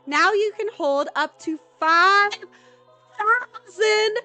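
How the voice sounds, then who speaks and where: A woman reading out a gentle fairy spirit. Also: very high voice, takes it slowly, faint music behind, pitched above the performer's own voice, full character voice. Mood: kindly.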